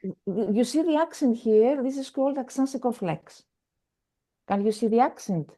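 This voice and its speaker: A woman teaches French over a video call with a mellow, warm tone. She talks patiently and repeats herself, with many fillers. Her voice sits a little high. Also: lively intonation, moderate pace. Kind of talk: online language lesson.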